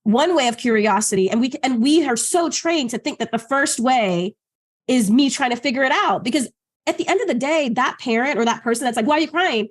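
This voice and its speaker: Animated, higher-voiced woman co-host. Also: a little fast. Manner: animated, acts out quoted voices, many fillers. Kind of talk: casual podcast chat.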